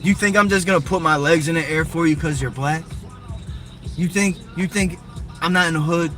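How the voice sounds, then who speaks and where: Parked in his car on a city street with faint music in the background, a Brooklyn, New York man delivers a heated, profane livestream rant in reply to viewers. His voice sits on the high side with a sharp tone and moderate pace, and he keeps hurling rhetorical questions at his audience.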